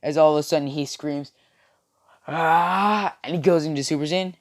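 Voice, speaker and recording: A man's voice: on the high side, fairly even intonation, fast, darkish tone, no room sound, clean studio sound. A young man casually telling a made-up fan story, with many fillers and restarts. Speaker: video creator. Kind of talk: rambling fan-fiction storytelling.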